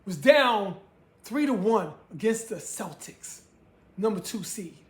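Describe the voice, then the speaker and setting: A woman's voice: medium pitch, animated, slow. A woman hosting her own sports talk show, ranting with emphasis and repeating her points. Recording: echoey room.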